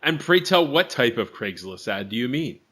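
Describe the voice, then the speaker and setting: A podcast co-host in casual chat who swears a lot and jumps to loud exclamations. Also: mid-range voice, big pitch swings, moderate pace.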